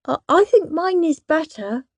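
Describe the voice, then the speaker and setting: A woman's voice: high-pitched, expressive, unhurried, noisy background, voice pushed up. A woman voicing a well-behaved little boy who is eager and earnest.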